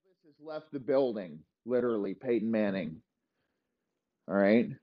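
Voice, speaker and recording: A man's voice: lowish voice, animated, moderate pace, lo-fi sound. A man telling an improvised comic story, profane and rambling, checking in with his listeners as he goes.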